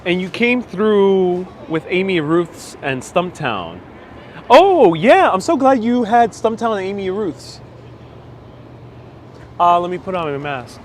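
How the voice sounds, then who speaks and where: A man's voice: high-pitched, big pitch swings, unhurried. A man hosting a live walking tour, chatting casually and reading out viewer comments, a bit stuffy-nosed, outdoors on city streets. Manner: chatty, reads viewer comments aloud, laughs often. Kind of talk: casual live-stream chat while walking. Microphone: wireless clip-on mic. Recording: faint street noise outdoors.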